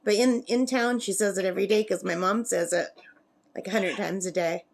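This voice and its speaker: A woman's voice: mid-range voice, fairly even intonation, a little fast, creaky. A woman chatting casually to camera at a lakeside camp, laughing often and cooing at her pet bird. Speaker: craft vlogger.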